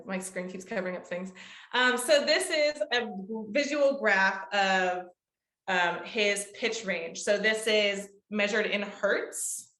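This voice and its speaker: A young woman music therapist addresses a support group over a computer mic, explaining techniques and filling pauses with ums. She breaks into short hummed and sung demonstrations. Her voice sits at an ordinary middle pitch, with a roomy echo. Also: fairly bright tone. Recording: echoey room.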